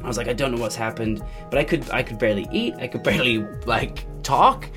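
A man's voice: medium pitch, expressive, quick pace, fairly bright tone. A man guesting on a show as a comedian, joking about himself and stumbling a little over his words. Faint music sits under his voice. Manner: self-deprecating, hesitant with fillers. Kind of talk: casual interview talk.

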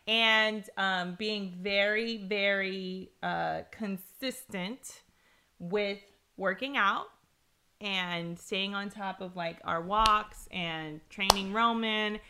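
Bright-voiced young wife co-hosting. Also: female voice, medium pitch, extremely slow. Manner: warm teasing, appreciative. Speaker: co-host, wife. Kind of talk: casual couple chat.

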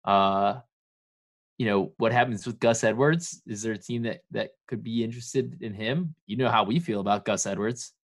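A man's voice: on the low side, normal speed. A man co-hosting a casual sports podcast, chatty and playful, given to banter. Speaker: podcast co-host.

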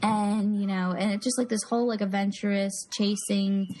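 A woman's voice: medium pitch, little pitch movement, normal speed, dark tone, low-quality recording. Chatty self-deprecating woman co-host. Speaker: podcast co-host. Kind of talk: casual movie podcast chat.

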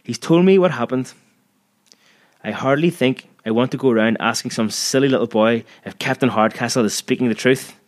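A man's voice: medium pitch, brisk, close to an everyday voice. A man voicing a stern, menacing school headmaster who speaks in a scornful, barking way. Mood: indignant.

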